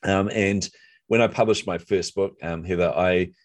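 A middle-aged man with a New Zealand accent, telling a personal story in a lively, self-deprecating way during a conversation. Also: sits low, moderate pace, no echo. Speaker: author and marketer, guest.

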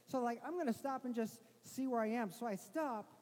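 High-voiced man preaching in a reverberant hall. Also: a little fast. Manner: animated, self-mocking storyteller with restarts. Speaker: pastor. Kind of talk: sermon storytelling.

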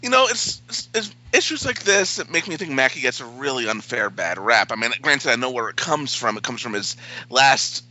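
A man's voice: mid-range voice, expressive, normal speed, sharp tone, lo-fi sound, slight background noise. A man co-hosting a comics podcast, making dry, wry remarks. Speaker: podcast co-host. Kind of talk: casual comic book podcast chat.

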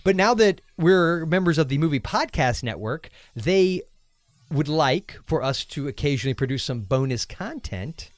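A man's voice: on the high side, expressive, normal speed, no room sound. A man hosting a podcast, chatting casually and rambling with jokes as he thinks aloud. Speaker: podcast host. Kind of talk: casual chat.

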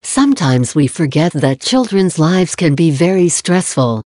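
A voice speaking as a friendly chipmunk narrator, giving calm, measured scripted narration. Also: mid-range voice, no echo, clean studio sound. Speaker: narrator of a parenting advice podcast.

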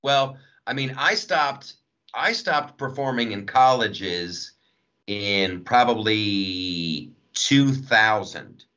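Animated, joking comedian man. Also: on the low side, slow. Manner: animated, jokey, acts out quoted voices. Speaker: comedian guest. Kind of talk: casual interview chat. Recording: dull lo-fi audio.

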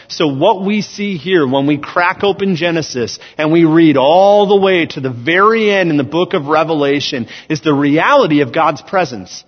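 A man's voice: on the high side, normal speed, few pauses. A man preaching a sermon, earnest and emphatic as he reads scripture aloud. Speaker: student ministries director preaching. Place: church sanctuary. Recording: dull sound in a large reverberant church hall.

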